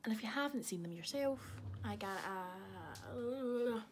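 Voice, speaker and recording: A woman's voice: on the high side, lively intonation, a little slow, a little hiss or hum. A young woman, chatting casually to camera in a vlog, swearing freely and teasing someone off camera. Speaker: vlogger. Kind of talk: casual chat.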